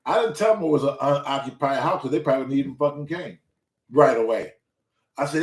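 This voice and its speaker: A man's voice: mid-range voice, animated, fairly quick, far from the mic. A man hosting a talk show, telling a story in a casual, profane and emphatic way. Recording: roomy echo.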